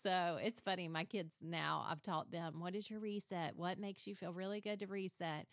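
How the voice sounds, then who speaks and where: A woman's voice: on the low side, fairly even intonation, moderate pace, hardly any pauses, no echo, studio quality. A woman in her thirties hosting a podcast, bubbly and laughing often as she chats. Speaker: podcast host. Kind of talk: casual chat.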